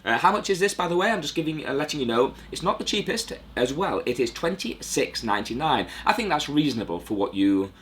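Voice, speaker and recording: A man's voice: fairly high pitch, sing-song, fast talker, hardly any pauses, a bit bright, a little hiss or hum. A man giving a chatty, rambling review of a magic trick, with self-deprecating asides. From United Kingdom. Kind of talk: casual review monologue.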